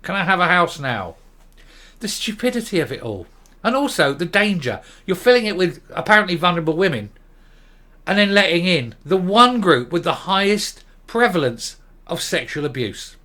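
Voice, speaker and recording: A man's voice: high voice, sing-song, moderate pace, pushed and bright. Exasperated sarcastic English man. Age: middle-aged. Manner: exasperated and sarcastic, with stumbling restarts. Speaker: commentary vlogger. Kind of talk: opinion rant.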